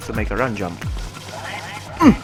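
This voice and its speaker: Excitable man with a lively voice. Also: on the low side, a little slow, music in the background. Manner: excitable, swings from mutters to loud yelps. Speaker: streamer. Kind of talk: live gameplay commentary.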